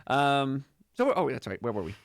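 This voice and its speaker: A man's voice: medium pitch, very animated, brisk, gravelly, no echo, clean studio sound. A man hosting a call-in health radio show, chatty, upbeat and jokey, rambling from one point to the next. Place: radio studio.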